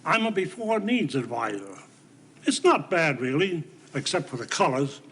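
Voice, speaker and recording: A wry, understated old grandfather in a 1970s TV soap opera. His older voice is husky, and his pitch rises and falls a lot as he talks. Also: sing-song, normal speed, a bit bright, heavily acted. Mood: musing. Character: dry-witted old grandfather, wry and plain.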